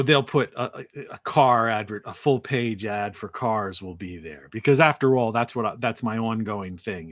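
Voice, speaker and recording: A man's voice: medium pitch, fairly bright tone, no echo. Rambling male host with a dry morning voice. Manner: rambling, with frequent restarts and asides. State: morning voice, clearing throat. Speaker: talk show host. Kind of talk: solo live-stream monologue.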